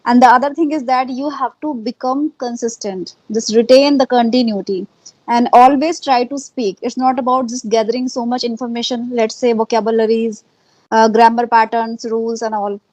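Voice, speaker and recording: A woman with an Indian accent speaks earnestly in a casual conversation, her voice sitting a little high. She repeats herself and fills pauses with "uh" and "like." The sound is dry and close, with no room echo. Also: fairly even intonation, a little mellow. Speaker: interviewee, English learner.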